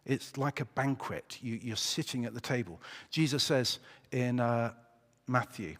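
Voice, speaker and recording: A man preaching a sermon in a church, chatty and relaxed with hesitations and a joking touch. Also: medium pitch, a little slow. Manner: conversational, hesitant with fillers, joking. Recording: echoey church hall.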